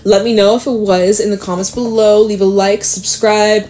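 Woman, tarot reader, casual to-camera reading, excited and encouraging, slangy. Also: mid-range voice, moderate pace, a little hiss or hum. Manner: excited, emphatic, slangy and reassuring.

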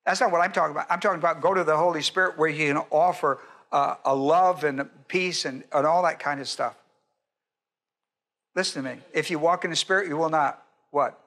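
A man's voice: on the high side, fairly quick, a bit bright. An older man, a pastor, teaching a Bible sermon in an emphatic, repetitive way and putting questions to his congregation.

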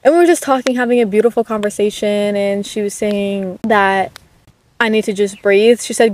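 A young woman in her late teens, talking casually and softly to the camera at a park, rambling with lots of "like"s and getting emotional. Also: mid-range voice, moderate pace. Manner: soft-spoken, rambling, emotional, many "like"s. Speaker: vlogger. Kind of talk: casual chat. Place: outdoors at a park. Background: dogs barking at times.

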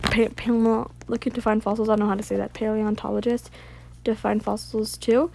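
A female gaming YouTuber giving casual gameplay commentary, excitable and gushing, full of exclamations and reading game text aloud. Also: on the high side, measured pace, gravelly, long pauses.

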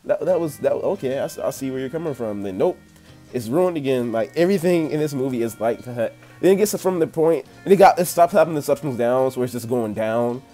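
A young man with a mellow, darker voice rants about a movie, laughing and swearing freely. He rambles, circles back, and keeps his tone loose and casual. A faint bit of music sits behind him. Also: mid-range voice, lively intonation, brisk. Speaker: movie reviewer. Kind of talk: casual rant-style review.

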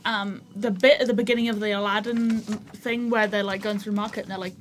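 A woman's voice: mid-range voice, level tone, a little hiss or hum. A woman playing a tabletop game, chatting casually and making jokey asides. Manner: joking, chatty, quick asides. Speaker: player.

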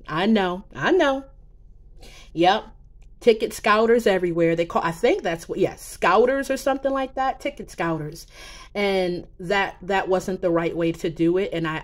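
A woman making psychic predictions in a casual vlog, talking slowly in a rambling way with many fillers and restarts. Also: medium pitch. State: emotional, near tears. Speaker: psychic vlogger.

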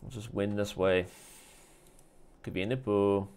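A man hosting a live chess stream and calling his own games as he plays them. His voice runs a little low, and he keeps up a loose, joking patter throughout. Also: steady tone, unhurried, vocal fry, darkish tone. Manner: joking, playful banter. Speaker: chess stream host and commentator.

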